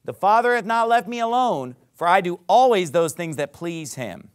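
A man, a pastor, preaching a sermon and reading scripture aloud. He talks emphatically, repeats his points, and builds to loud peaks. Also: high-pitched, very animated, normal speed, clean tone. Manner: reads scripture aloud in King James wording.

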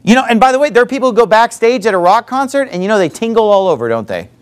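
Animated high-pitched male preacher. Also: very fast. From not from the American South. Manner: animated, mocking impressions of other preachers. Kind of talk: sermon.

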